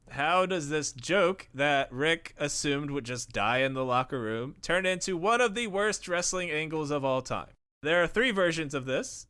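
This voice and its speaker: A man's voice: mid-range voice, bright, forceful tone, smooth. A man hosting a podcast, reading a script in a casual, profane way and breaking into laughs. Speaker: podcast host. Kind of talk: scripted narration with banter.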